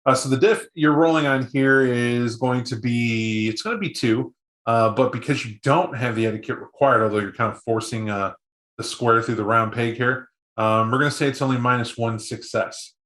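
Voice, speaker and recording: A man's voice: medium pitch, moderate pace, fairly bright tone. A man serving as game master, narrating a tabletop role-play in a casual, rambling way full of fillers. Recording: echoey room.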